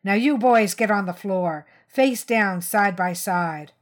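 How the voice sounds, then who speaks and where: A woman's voice: medium pitch, unhurried, natural voice. A woman reading a story aloud, voicing a violent, sneering man who threatens a family. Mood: menacing. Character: brutal menacing adult man, a violent stepfather.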